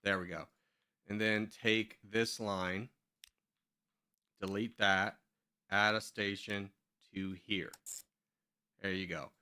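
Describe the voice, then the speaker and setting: A man's voice: fairly low pitch, level tone, slow, pauses often, bright, forceful tone, clear, resonant tone. A man casually commenting on his own gameplay while live streaming, muttering to himself as he builds and answering chat.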